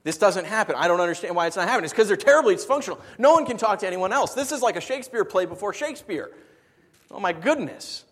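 A middle-aged married man preaching a sermon, animated and rhetorical with a humorous streak. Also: high voice, fast talker, husky. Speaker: pastor.

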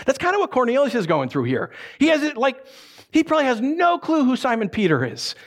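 A man, a pastor, preaching a sermon, reading scripture and acting out lively asides. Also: extremely high pitch, a little fast. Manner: animated, acts out voices and asides.

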